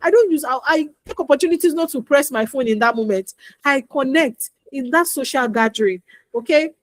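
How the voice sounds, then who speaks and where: Woman, parenting coach, fairly high voice, dry close sound, chatty and repetitive. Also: expressive, fairly quick, no room sound. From Nigeria. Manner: chatty, repeats advice, acts out dialogue. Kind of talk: instructional talk with anecdotes.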